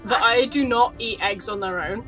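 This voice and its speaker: Relaxed woman artist chatting while drawing. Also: a little high, moderate pace, over music. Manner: relaxed, wry, mildly self-deprecating. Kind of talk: casual chat while drawing live.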